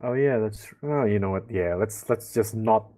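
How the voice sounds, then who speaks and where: A man co-hosting a live reaction to an animated series, in casual chat, laughing often. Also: fairly low pitch, moderate pace. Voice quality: laughs often, chatty and playful.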